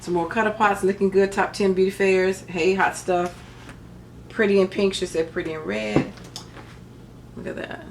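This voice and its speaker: A woman's voice: mid-range voice, steady tone, moderate pace, pauses often, background noise. A middle-aged woman chatting casually through a craft paper haul, rambling with joking asides. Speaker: crafting vlogger. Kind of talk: casual haul show-and-tell.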